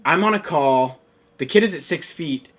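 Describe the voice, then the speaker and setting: A man's voice: a little high, expressive, moderate pace, fairly bright tone. A man in his thirties, co-hosting a casual podcast chat, telling a rambling story and repeating his own lines. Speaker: podcast co-host.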